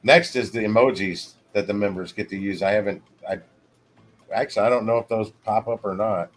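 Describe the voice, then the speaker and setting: A man hosting a casual livestream, rambling along with halting restarts. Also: fairly low pitch, steady tone. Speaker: livestream host.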